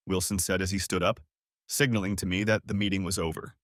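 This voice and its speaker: A man's voice: low-pitched, flat delivery, quick pace, fairly bright tone, dry recording, studio quality. A man narrating a dramatic first-person story in a scripted audiobook reading.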